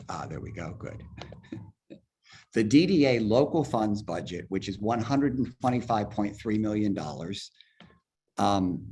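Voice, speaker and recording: Husky man presenting on a video call. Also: on the low side, a little mellow. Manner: explains figures step by step, hurried. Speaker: agency head presenting a budget. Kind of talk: virtual public forum presentation. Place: virtual meeting, speaking from home or office.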